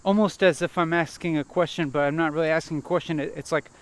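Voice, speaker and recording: A man vlogging as he walks a nature trail, thinking aloud in a halting, hesitant way and repeating words. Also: a little high, fairly even intonation. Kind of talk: rambling self-reflective monologue while walking. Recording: faint outdoor noise.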